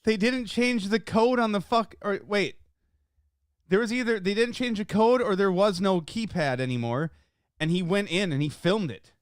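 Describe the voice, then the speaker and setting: High-voiced co-host dude, loose profane chatter, dry mic. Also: male voice, moderate pace, smooth, dry recording. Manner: casual, profane, feeds news to the host. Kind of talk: casual comedic banter.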